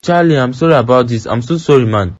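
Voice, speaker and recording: A sympathetic young man consoles his friend with a Nigerian accent, as a man voices him for a cartoon. His voice is mid-pitched and comes through a dull, lo-fi recording. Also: expressive, fast, close to an everyday voice. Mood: consoling. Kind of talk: cartoon voice acting. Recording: dull lo-fi sound.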